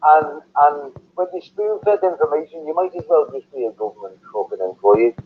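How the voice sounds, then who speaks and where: A man's voice: fairly high pitch, normal speed, slight background noise. A man with a Liverpool accent chatting casually on a livestream, repeating his points for emphasis. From Liverpool, England. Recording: muffled lo-fi stream audio.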